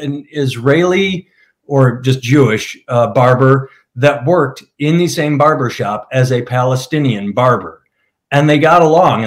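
A man in casual podcast conversation, telling stories in a joking, profane, offhand way. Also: medium pitch.

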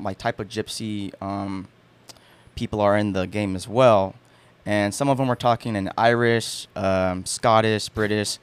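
A man's voice: fairly low pitch, clean tone. A young man, a podcast guest, telling a story in a rambling casual chat full of fillers and restarts. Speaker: podcast guest, haunt performer.

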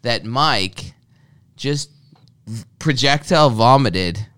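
A young man, telling a crude story in an animated, profane, joking way. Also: mid-range voice, slow. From Canada. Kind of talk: casual crude storytelling chat.

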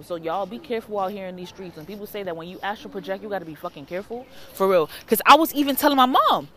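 A woman tarot reader telling a story in a casual vlog, animated, dramatic and full of swearing. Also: mid-range voice, quick pace, hardly any pauses.

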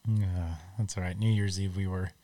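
A man's voice: low voice, little pitch movement, normal speed, mellow. A man co-hosting a casual podcast chat, retelling cartoon scenes and laughing at his own stories. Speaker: podcast co-host.

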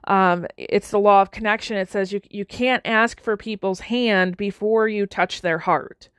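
An earnest woman gives a motivational leadership talk, often restarting her sentences and acting out the dialogue in her stories. Her voice sits in a middle pitch range. The sound is dry and close, with no room echo. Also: steady tone, measured pace, fairly bright tone, clear, resonant tone. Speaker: leadership speaker.

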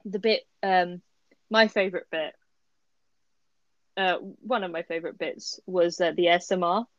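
A chatty woman co-hosting a podcast talks about a story with lively animation, laughing as she goes. She sounds close and dry, with no room around her. The sound is a little dull and lo-fi. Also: lowish voice, a little slow, no room sound. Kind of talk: casual chat reviewing a story. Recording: dry, slightly muffled lo-fi recording.

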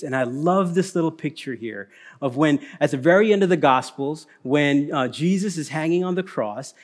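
Young male pastor, sermon, animated, dynamic, somewhat high-pitched. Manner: animated, dramatic swings from loud to hushed.

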